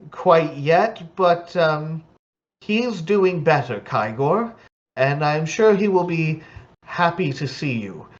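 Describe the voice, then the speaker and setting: Give me a high, fussy halfling manservant, played by a man, prim and bossy about manners. He speaks slowly and talks down to the guests. The sound is a little muffled. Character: fussy male halfling butler, scolding and prim.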